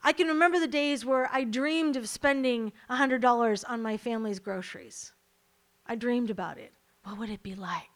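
A woman's voice: on the high side, moderate pace. A woman preaching a sermon to a church congregation, emphatic and repeating her key lines, then leading a prayer.

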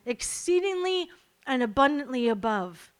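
A woman's voice: high-pitched, very animated, unhurried, clear, resonant tone. A woman preaching a sermon to a church congregation, emphatic and repeating her key lines, then leading a prayer.

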